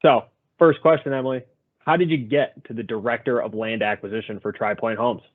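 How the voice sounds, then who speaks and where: A man's voice: mid-range voice, steady tone, a little fast, no room sound. A man hosting an interview show, giving upbeat scripted introductions to his guest. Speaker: host. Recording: dry, phone-like audio.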